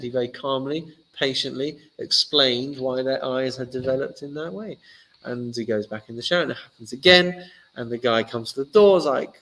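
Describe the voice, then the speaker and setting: A man, a rabbi giving a casual teaching talk and telling stories lively, acting out the characters. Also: medium pitch, moderate pace, poor audio.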